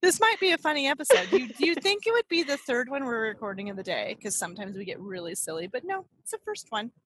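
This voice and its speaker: A woman's voice: fairly high pitch, very animated, fast, a bit bright, slightly rough, dry recording. A woman co-hosting a casual podcast chat, giggly and teasing. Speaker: podcast co-host.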